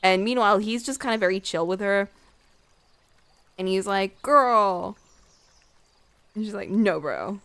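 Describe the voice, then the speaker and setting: Animated young woman retelling a book. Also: medium pitch, normal speed, long pauses, smooth. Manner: animated storyteller, lots of "like", acts out dialogue in quotes. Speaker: streamer. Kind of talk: casual chat retelling a book. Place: home room while drawing on stream.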